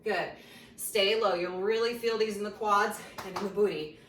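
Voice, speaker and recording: A woman's voice: medium pitch, fairly even intonation, normal speed, a bit bright. A woman leads a workout class, counting reps and calling out form cues while she moves along with it, a little out of breath. She sits back from the microphone, and the room gives her voice an echo over a faint hiss. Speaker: fitness instructor. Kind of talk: guided workout class instruction. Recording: roomy sound from a distant mic with faint noise.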